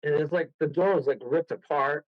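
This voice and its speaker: High-voiced man telling a wild story. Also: fairly quick, no room sound. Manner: excitable, rambling, laughs through his story. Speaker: guest medium and paranormal investigator. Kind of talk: casual storytelling on a radio call. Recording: dull lo-fi radio audio.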